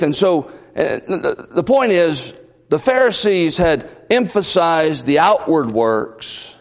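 A man's voice: fairly high pitch, big-room sound. A man preaching a sermon as the church's pastor, folksy and storytelling, with asides and chuckles.

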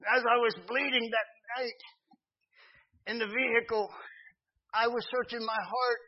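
A middle-aged male preacher with a Pennsylvania accent delivers a heartfelt sermon testimony. His voice sits high for a man. He tells his story earnestly and builds to fervent emphasis, and the recording sounds dull and lo-fi. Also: fairly even intonation, unhurried, pauses often. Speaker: missionary preacher.

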